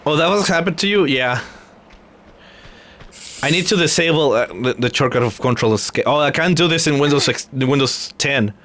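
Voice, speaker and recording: A man's voice: on the high side, normal speed, fairly bright tone. A man streaming a video game, chatting casually and laughing often at his own mistakes. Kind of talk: casual live gameplay chat.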